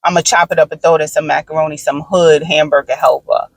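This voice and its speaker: A woman in her thirties, talking casually to her viewers from inside a car, animated and frank with swearing, swinging from exasperated rants to easy storytelling. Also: low voice, quick pace, no echo, rough recording. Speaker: vlogger.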